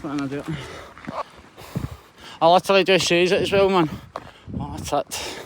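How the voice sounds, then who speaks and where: A Scottish man vlogging as he hikes a snowy mountain, excitable and sweary as he talks to the camera. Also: fairly high pitch, normal speed, slight background noise. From Scotland. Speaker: hiking vlogger. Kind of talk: casual vlog narration while hiking.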